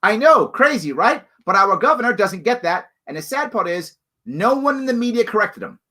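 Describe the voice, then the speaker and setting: A man's voice: sits high, normal speed. A man hosting a live show, answering viewer questions in emphatic, repetitive bursts. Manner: emphatic, animated, repeats points for stress. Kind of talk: live call-in style solo talk.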